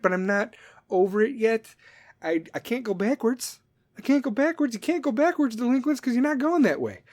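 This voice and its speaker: A man's voice: a little high, darkish tone. A man in his thirties hosting a podcast, talking in a blunt, profane, rambling monologue that drifts off on tangents. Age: 30s. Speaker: podcast host.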